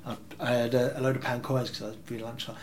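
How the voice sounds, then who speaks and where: A man, telling rambling, animated anecdotes as an interview guest. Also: mid-range voice, fast talker, a little hiss or hum. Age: 30s. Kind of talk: casual interview storytelling.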